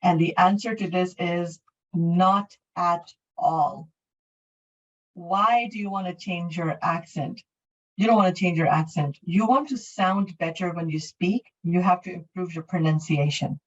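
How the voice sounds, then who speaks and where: A woman's voice: fairly low pitch, unhurried, far from the mic, dull audio. A middle-aged woman from Canada teaching an English class online, explaining in a friendly way with many fillers and restarts. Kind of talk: online class, answering questions.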